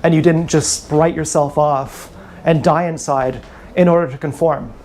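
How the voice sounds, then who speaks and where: A man's voice: fairly high pitch, fairly even intonation, moderate pace, a little mellow, slight background noise. A man ranting bitterly and with contempt on a live stream, often repeating himself, filmed on an action camera. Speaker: vlogger.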